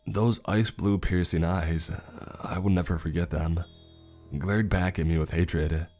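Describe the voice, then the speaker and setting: A man reading a horror story aloud in a slow, grave scripted narration. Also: low-pitched, a little mellow. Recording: narration with faint music.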